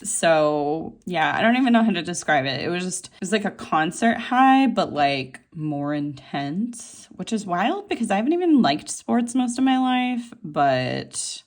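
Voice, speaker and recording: Low-voiced, rambling woman vlogger. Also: unhurried, hardly any pauses. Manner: chatty and rambling, with many fillers and laughs; gushing, voice jumps high when excited. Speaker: planner vlogger. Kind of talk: casual chat while planning.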